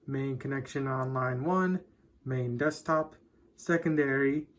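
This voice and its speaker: A man's voice: mid-range voice, a little slow. A man casually narrating a home tech vlog, rambling with many fillers and trailing asides. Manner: rambling, says "and whatnot" a lot, trails off with uh. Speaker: tech vlogger. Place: home garage computer setup.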